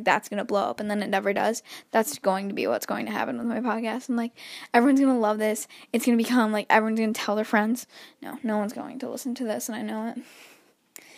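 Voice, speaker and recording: A teenage podcast host talks solo as she paces her bedroom, nervous and rambling, with frequent restarts and slight wheeziness. Her voice is on the high side with a darkish tone.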